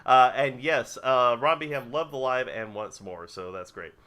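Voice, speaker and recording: A man's voice: medium pitch, normal speed, sharp tone, clear, resonant tone. A man who produces an improv comedy stream, bantering casually and joking as he reads audience suggestions.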